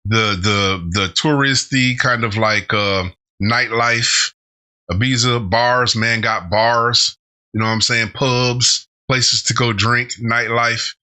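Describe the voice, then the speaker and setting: A man's voice: medium pitch, fairly even intonation, slow pace, sharp tone. A man hosting a reaction channel, giving casual commentary and going off on rambling tangents with frequent laughter.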